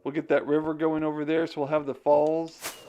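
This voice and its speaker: A man talks casually while gaming on stream, his voice sitting slightly high. He muses to himself and the viewers as he plays. He drifts easily between game chatter and scripture. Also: little pitch movement, a little fast, dark tone, muffled recording. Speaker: game streamer and digital missionary.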